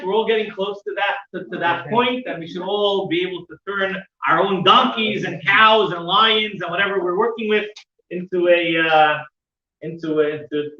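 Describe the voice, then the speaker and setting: A man's voice: sits high, sharp tone. A man teaching a weekly Torah class, telling a story with lots of fillers and restarts. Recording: roomy, dull sound from a distant mic.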